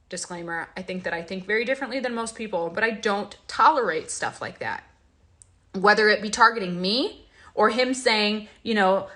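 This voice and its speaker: A woman's voice: a little high, moderate pace, pushed and bright. A young woman hosting a casual vlog, talking in an emotional, confiding way with many fillers and restarts. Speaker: host.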